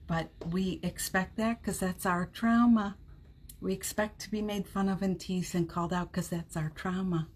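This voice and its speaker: A woman hosting a live-streamed motivational podcast from home, chatting warmly, laughing often and reading viewer comments aloud. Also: lowish voice, fairly even intonation, normal speed, slight background noise. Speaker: podcast host. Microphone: streaming setup at home.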